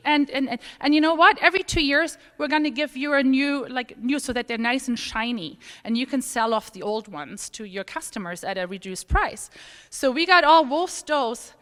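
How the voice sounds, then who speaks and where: Woman in her thirties, conference speaker, animated storyteller, somewhat high voice, recorded with hall echo. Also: normal speed. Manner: animated storytelling, acts out quoted voices, many fillers. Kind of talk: conference talk, personal story. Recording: long hall reverb.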